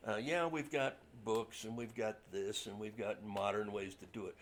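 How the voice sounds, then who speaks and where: A man in the audience at a library event, making earnest, measured remarks and slowing down to stress his points. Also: fairly low pitch, fairly even intonation, slight background noise. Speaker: audience member commenting. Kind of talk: casual reflective remarks. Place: public library event room.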